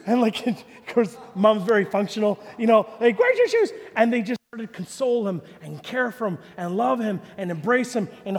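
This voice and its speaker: A man preaching a sermon as pastor, animated, swinging from loud peaks to low quiet asides. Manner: animated preaching, rising to shouts then dropping low. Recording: long reverb of a large hall.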